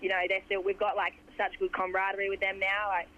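A young Australian woman with a hoarse voice, a footballer chatting in a rambling way with lots of fillers during a phone interview. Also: medium pitch, monotone, fast, a bit bright. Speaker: footballer guest. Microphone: phone line. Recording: dull phone line.

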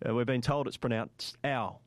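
A man's voice: medium pitch, animated, fairly quick, dry recording. A man with an Australian accent hosting breakfast sports radio, chatty and opinionated, with frequent fillers. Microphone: studio microphone.

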